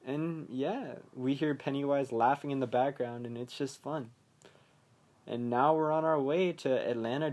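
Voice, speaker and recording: A man's voice: mid-range voice, a little mellow. Man, podcast host, casual movie recap, rambling, lots of fillers, chuckles. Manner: rambling, filler-heavy, laughs at his own jokes.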